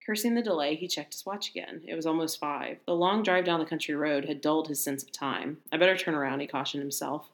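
A woman reading a short story aloud in a relaxed manner. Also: low-pitched, fairly quick, few pauses. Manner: relaxed, laughs easily between passages.

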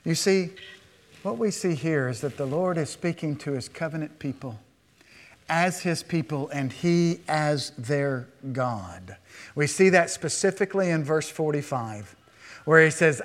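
Emphatic preaching man, higher voice. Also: expressive, a little slow. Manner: emphatic preaching, sweeping from hushed to raised. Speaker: pastor. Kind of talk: sermon.

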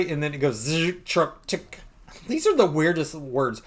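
Guy on a comics podcast chatting loosely, mid pitch, laughs a lot. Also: moderate pace. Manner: chatty recap, laughing and acting out dialogue. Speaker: podcast co-host. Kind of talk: casual comic book discussion.

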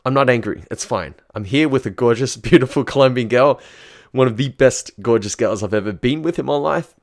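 A man's voice: mid-range voice, fairly quick, a little mellow. A young man telling a personal story in a loose, chatty, profane way. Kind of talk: casual storytelling.

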